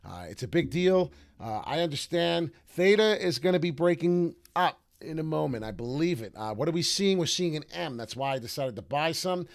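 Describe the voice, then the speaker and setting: A man's voice: fairly high pitch, animated, moderate pace, vocal fry, hardly any pauses, dry recording, clean studio sound. A man streaming crypto chart talk in a brash, slangy, rambling way with many filler uhs. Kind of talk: casual live commentary.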